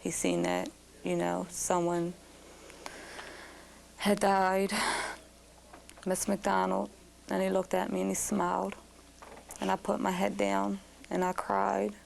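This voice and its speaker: A young woman with a Baltimore accent recounting being held hostage in a slow, shaken, subdued news interview. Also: medium pitch, gravelly, darkish tone, slight background noise, rough recording. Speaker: former hostage recounting ordeal.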